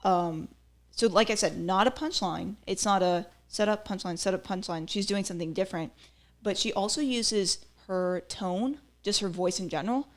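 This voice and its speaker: A woman's voice: medium pitch, normal speed. A woman hosting a podcast, giving chatty, opinionated commentary with lots of fillers. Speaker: podcast host. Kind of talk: casual commentary.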